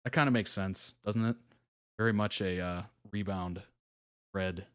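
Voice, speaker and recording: Hosting a live reaction stream, this man speaks in a low, smooth, unhurried voice. He chats casually, laughs often between remarks, and reads viewer comments aloud, his relaxed talk full of soft laughs and fillers.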